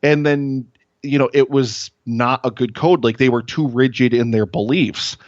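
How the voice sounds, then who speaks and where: A man's voice: medium pitch, normal speed, no echo, highs cut off. A man, a podcast guest, talking earnestly and enthusiastically and swearing casually.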